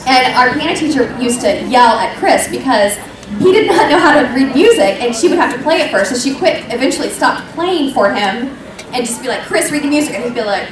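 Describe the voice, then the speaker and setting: A woman on a convention panel telling a story from her school days, animated and expressive. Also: high voice, fairly quick. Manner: animated and expressive, laughing often. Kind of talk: casual anecdote telling. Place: large convention hall with audience. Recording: echoey hall, mic at distance, crowd noise. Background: audience murmur.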